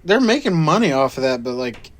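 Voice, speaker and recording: A man's voice: mid-range voice, big pitch swings, brisk. A man co-hosting a podcast in casual chat, easygoing, asking short follow-up questions. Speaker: podcast co-host.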